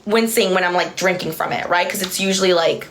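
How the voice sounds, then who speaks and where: Woman, livestream host, bright voice, rambling storyteller, easily distracted, laughs a lot. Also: on the low side, a little fast, a little hiss or hum. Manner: laughs often while talking. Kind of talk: casual livestream chat and storytelling.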